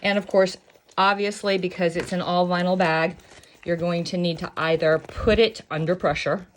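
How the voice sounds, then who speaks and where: A woman's voice: on the low side, fairly even intonation, normal speed, a little hiss or hum. A woman hosting a casual sewing tutorial, rambling and joking at her own expense as she works. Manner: rambling, self-mocking, jokey asides. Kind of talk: casual chatty craft tutorial.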